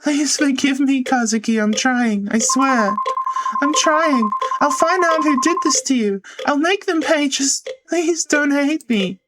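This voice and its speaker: A man's voice: extremely high pitch, measured pace, heavy background noise, pitched above the performer's own voice. A man voicing a frantic young woman who pleads and apologizes in desperation. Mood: pleading. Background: game music.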